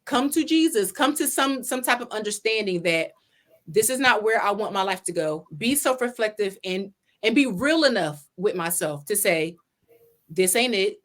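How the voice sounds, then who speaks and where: A woman, a podcast guest, telling her story in a casual interview from her home office over a video call, animated and acting out her own past words. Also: medium pitch, moderate pace. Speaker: podcast guest, pageant winner and salon owner.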